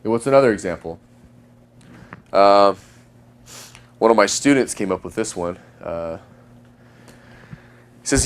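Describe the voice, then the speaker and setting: A man giving dating advice as a coach, talking emphatically and using long pauses for effect. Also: lowish voice, animated. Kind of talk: instructional talk.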